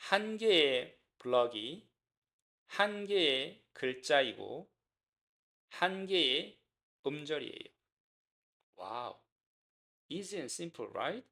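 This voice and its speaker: A man with a Korean accent teaching a beginner language lesson, speaking slowly and repeating words for learners. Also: fairly high pitch, a bit bright. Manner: slow, repetitive, encouraging teacher talk.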